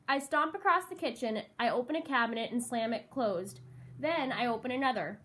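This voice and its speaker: A woman reading a first-person novel aloud in a measured, wry storytelling voice. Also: a little high, lively intonation, fairly bright tone. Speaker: audiobook narrator. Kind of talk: first-person audiobook narration.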